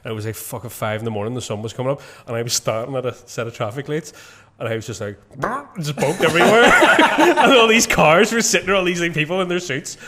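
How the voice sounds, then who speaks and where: A man's voice: fairly high pitch, expressive, fast talker, a bit bright. A young man with a Belfast accent, telling stories as a podcast co-host, laughing often and swearing freely. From Northern Ireland. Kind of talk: casual chat, storytelling.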